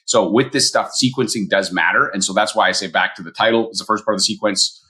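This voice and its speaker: A middle-aged man speaks quickly in a somewhat low voice, hosting a solo podcast with casual coaching talk. He slips into short quoted voices as he explains his points. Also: sharp tone. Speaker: mortgage broker and podcast host.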